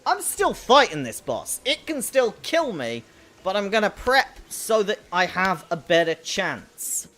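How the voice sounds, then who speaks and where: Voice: mid-range voice, sing-song, unhurried, a bit bright. A young adult streamer with a childlike, babyish voice, chatting playfully while commenting on a game. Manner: playful, chatty, reads out chat. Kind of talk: casual live gameplay commentary.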